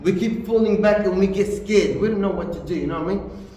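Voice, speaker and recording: A man's voice: high-pitched, fast, warm tone. A man giving an earnest sermon in a mosque, often repeating phrases for emphasis. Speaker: preacher. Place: mosque hall. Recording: echoey hall, distant mic, faint noise.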